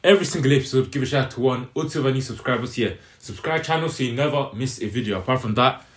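A man's voice: medium pitch, rapid-fire. Laid-back young man in an echoey room. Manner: laid-back, banters with friends, slangy. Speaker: reaction channel co-host. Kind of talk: casual group reaction chat.

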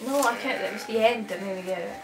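A woman's voice: medium pitch, fast, recorded from a distance, music in the background. Giggly Scottish woman, roomy echo. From Scotland. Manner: giggly, teasing. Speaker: co-host. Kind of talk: casual chat, accent guessing game.

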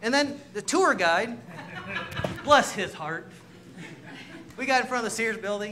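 A man delivering a sermon in a church, his voice pitched high and ringing bright. He preaches in a storytelling way, mocks himself and laughs often, with a faint hum behind him. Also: animated, measured pace, pauses often. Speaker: pastor. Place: church sanctuary.

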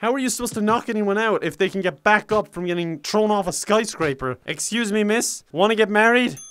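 A young man in his twenties with an Irish accent, giving joking, excitable gameplay commentary and often yelling and laughing. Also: high voice, fairly quick, clean tone, no room sound. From Ireland. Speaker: gaming YouTuber.

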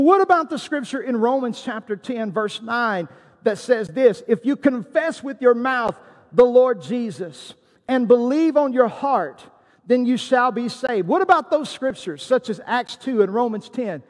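A man's voice: very high voice, animated, measured pace, big-room sound. A man preaching a sermon as pastor, emphatic and quoting scripture.

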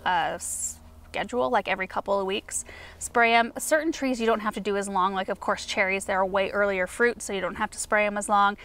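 A woman's voice: medium pitch, fairly bright tone. A woman hosting a gardening show, answering viewer questions in a casual, chatty way with lots of fillers. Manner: chatty, explains with many fillers. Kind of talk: casual Q&A chat. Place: at home.

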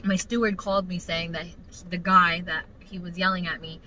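A young woman vlogger telling a work story to her mother in casual, animated, profane talk. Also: on the low side, moderate pace, slight background noise, low-quality recording.

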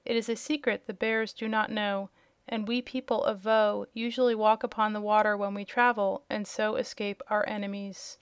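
A woman voicing a kind, unseen young girl who speaks in gentle tones in a storybook reading. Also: medium pitch, level tone, moderate pace, smooth, no echo, studio quality, lightly acted. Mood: earnest. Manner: gentle, urgent when warning.

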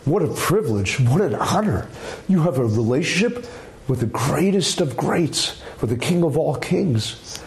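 A man giving a Torah lecture as a rabbi, speaking emphatically and acting out quoted voices in a high pitch. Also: animated, measured pace. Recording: echoey room with faint background noise.

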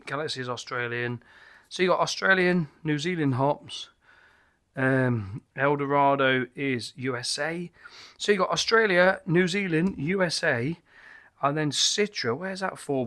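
A man's voice: mid-range voice, fairly bright tone. Tipsy man rambling over a beer. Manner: rambling, self-correcting. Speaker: beer reviewer. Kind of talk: casual beer review vlog.

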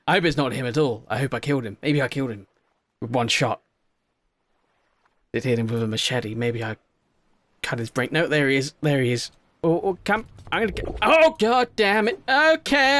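A medium-pitched man does chatty, jokey let's-play commentary, talking to in-game creatures and swinging between quiet worry and loud excitement.

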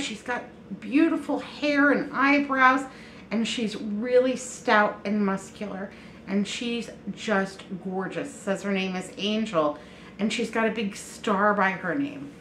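Chatty woman in an echoey room. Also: on the high side. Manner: chatty, animated, quotes others in her own voice. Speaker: storyteller. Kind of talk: casual personal storytelling. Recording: echoey room with faint noise.

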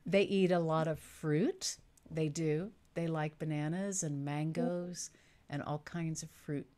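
A middle-aged woman storyteller guiding young children through a simple craft and answering their questions slowly and clearly. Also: sits low, fairly even intonation. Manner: warm, patient, slow and clear for young children.

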